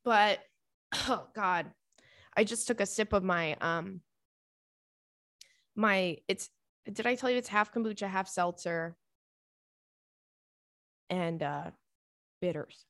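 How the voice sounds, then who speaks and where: A young woman hosts a podcast, chatting casually in a rambling, gushing way and swearing freely. Her mid-range voice is slow and a bit bright, with long pauses, captured in a dry, clean studio recording.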